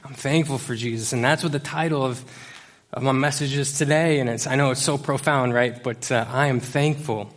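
A man gives a laid-back sermon to a church congregation as its youth pastor, his voice sitting at an ordinary middle pitch. He talks loosely and jokes along the way, with plenty of ums and restarts. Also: steady tone, normal speed. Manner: casual, joking, many fillers. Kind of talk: conversational sermon. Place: church service before a congregation.

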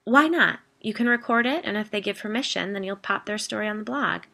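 A woman voicing a brisk, knowing woman friend. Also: mid-range voice, steady tone, gravelly, sharp tone, voice pushed up. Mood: insistent. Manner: firm and matter-of-fact.

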